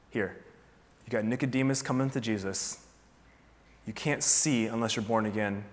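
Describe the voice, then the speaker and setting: Conversational man preaching in a reverberant hall. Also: mid-range voice. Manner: conversational, animated preaching with rhetorical questions. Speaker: pastor. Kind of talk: sermon.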